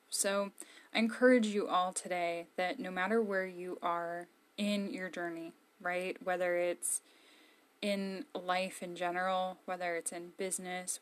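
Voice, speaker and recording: Candid, blunt woman vlogging from her room. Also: on the low side. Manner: candid, emphatic, blunt, with frequent fillers. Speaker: vlogger giving encouragement. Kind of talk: casual motivational talk to camera.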